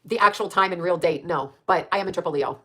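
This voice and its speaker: A woman's voice: lowish voice, fast, pushed and bright. A woman in her late fifties hosting her own channel, ranting in a blunt, profane, combative way, rambling and laughing at her own jabs. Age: late 50s. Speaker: channel host. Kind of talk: casual live-stream rant.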